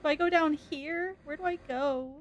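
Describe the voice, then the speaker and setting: A woman's voice: high voice, moderate pace. A woman streamer giving let's-play commentary on a horror game, jumpy and scared, swearing and laughing nervously.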